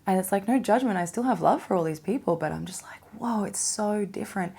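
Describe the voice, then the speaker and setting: A young adult woman hosting a casual spiritual self-help podcast, animated, swearing freely and laughing often. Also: medium pitch, fast, vocal fry, husky. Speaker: podcast host.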